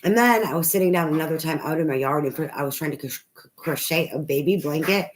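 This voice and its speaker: A woman's voice: deep voice, quick pace. Woman doing a chatty tarot reading, swears a lot, rambles, noisy recording. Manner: rambling, swears freely, laughs often. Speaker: tarot reader. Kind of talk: casual spoken tarot reading.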